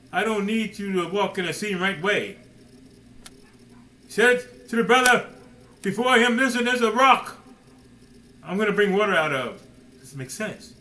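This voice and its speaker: A man's voice: high voice, sharp tone, rough recording. A man preaching a sermon emphatically, firing rhetorical questions and addressing listeners directly as man and son.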